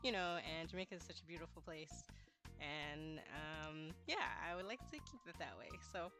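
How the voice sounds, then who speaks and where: A woman game developer talks casually through her game, leaning on "like" and "um" as she goes. Her voice sits on the lower side. Clear music plays underneath. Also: lively intonation, moderate pace. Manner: chatty, heavy use of "like" and "um". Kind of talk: casual walkthrough talk.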